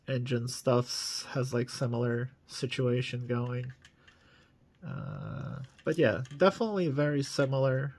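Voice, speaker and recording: A man with a gravelly edge to his mid-pitched voice talks through his collection. He is chatty and enthusiastic, rambling with plenty of fillers as he reviews toy cars for his viewers. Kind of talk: casual video review.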